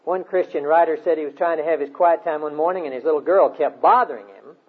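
A man's voice: a little high, fast, slightly rough. A man preaching a sermon, exhorting his listeners in an earnest way and telling stories from his life. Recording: tinny phone-like sound.

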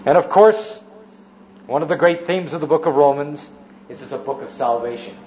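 A man's voice: on the high side, normal speed, darkish tone, a little hiss or hum. A man preaching an evening sermon in a church, teaching in orderly sections and repeating key phrases for emphasis. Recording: roomy, muffled church recording.

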